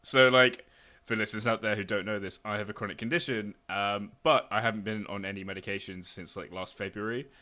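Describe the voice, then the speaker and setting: A man's voice: lowish voice, fairly even intonation, bright, forceful tone. A man co-hosting a podcast in casual chat, reacting with enthusiasm. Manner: enthusiastic, quick reactions and laughter.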